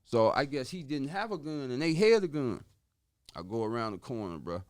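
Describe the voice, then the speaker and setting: A man telling a story on a podcast in casual street slang, dropping in sound effects like woo and boom. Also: big pitch swings, normal speed, darkish tone. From Chicago. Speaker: podcast guest.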